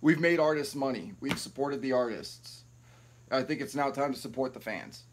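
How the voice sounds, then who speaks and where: A man's voice: medium pitch, normal speed. A man hosting a live stream, ranting in a rambling, profane, heated way.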